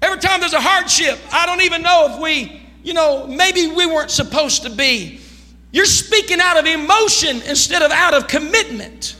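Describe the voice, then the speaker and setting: A man with a very high, piercing bright voice preaches a sermon to his congregation. His delivery swings from hushed asides into loud, drawn-out shouts that nearly turn to song. The sound carries a long reverb from the church hall. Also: lively intonation. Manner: preaching with rising shouts and sung, drawn-out lines. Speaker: pastor. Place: church sanctuary.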